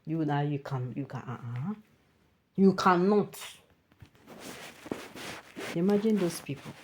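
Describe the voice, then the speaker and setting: A woman's voice: low-pitched, expressive, brisk, dark tone, a little hiss or hum. A woman with a Nigerian accent giving opinionated news commentary in an emphatic, scolding, conversational manner.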